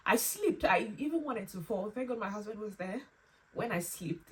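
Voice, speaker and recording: A young woman telling her own painful story to camera, halting and close to tears, with pauses and restarts. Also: medium pitch, a little hiss or hum. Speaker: vlogger sharing a personal story. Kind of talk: emotional personal storytelling. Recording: slightly distant mic with faint room ambience.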